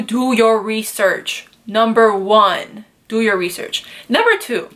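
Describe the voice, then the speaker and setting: A young woman chatting to camera in a casual storytime vlog, animated and full of "like" and "literally". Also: mid-range voice. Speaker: beauty vlogger.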